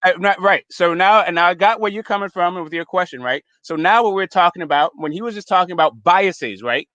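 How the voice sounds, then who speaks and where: A man's voice: high voice, brisk, a bit bright, dry recording, lo-fi sound. A man on a debate panel who keeps cutting in with stammering restarts as he argues his point. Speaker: panel guest.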